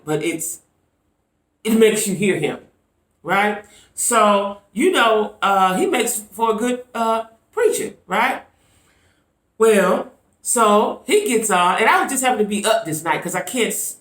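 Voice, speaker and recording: A woman chatting through her vlog commentary with a lively, swooping voice, leaning on quick asides to her viewers. The recording carries a roomy echo around her. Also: lowish voice. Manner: animated, chatty, frequent "right?" asides. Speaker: YouTube commentator.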